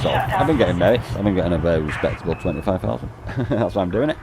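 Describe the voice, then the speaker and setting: A man's voice: deep voice, expressive, rapid-fire, noisy background. A man, chatting casually on a game stream, swearing constantly and laughing often as he banters with his viewers. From North West England.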